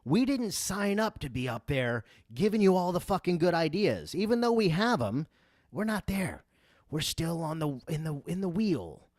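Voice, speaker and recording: A man hosting a livestream podcast, ranting in a heated, profane way that sounds like yelling. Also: on the high side, very animated, normal speed, no room sound, studio quality. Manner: profane, emphatic. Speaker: podcast host. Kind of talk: livestream rant.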